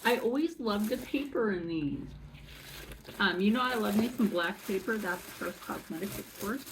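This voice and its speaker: A woman chatting through a makeup unboxing, excitable and rambling, with many asides. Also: mid-range voice, moderate pace, a little hiss or hum, poor audio. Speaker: beauty vlogger. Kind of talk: casual unboxing chat.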